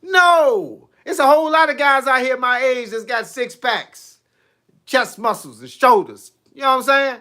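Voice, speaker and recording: A fitness coach in his 50s chats casually on a livestream in an extremely high-pitched voice, speaking a little slowly. Animated, he tells stories and reacts to viewer comments, reading them out.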